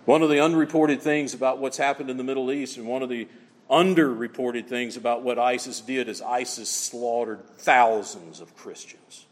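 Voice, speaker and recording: A man preaching a sermon as pastor, emphatic, swinging between loud exclamations and low, quiet asides. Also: fairly even intonation, normal speed, long reverb tail.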